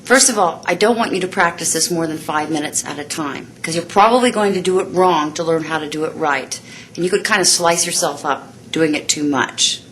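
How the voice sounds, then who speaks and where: Brief: woman vocal coach with a bright, slightly low voice; demonstrative teaching tone, a little faint noise behind. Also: brisk. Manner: demonstrative, vivid imagery. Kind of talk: instructional explanation.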